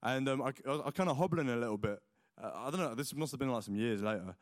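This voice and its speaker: A young man gives a sermon in a loose, conversational way, scattering likes and ums as he tells a family story before turning to scripture. His voice sits at an ordinary middle pitch. The sound is close and dry, with no room around it. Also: fast talker, no echo. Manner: chatty, lots of likes and ums, animated retelling. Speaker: preacher.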